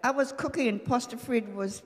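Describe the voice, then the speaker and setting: A woman's voice: on the high side, moderate pace, long reverb tail. An older woman preaching a sermon with humor, acting out the voices of husbands and wives as she talks about marriage. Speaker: pastor's wife preaching. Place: church hall.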